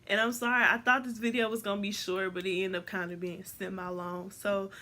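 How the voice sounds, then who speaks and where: A teenage girl vlogger telling a casual storytime, rambling with many restarts and jumping into voices for quotes. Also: fairly quick. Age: teens. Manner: animated, jumps into high voices to act out quotes.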